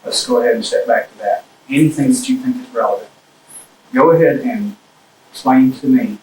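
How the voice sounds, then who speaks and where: A man's voice: mid-range voice, a little fast, darkish tone. A police detective leads an interrogation with procedural, directive questions. He is recorded from a distance in a reverberant room. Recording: echoey distant room mic with faint noise.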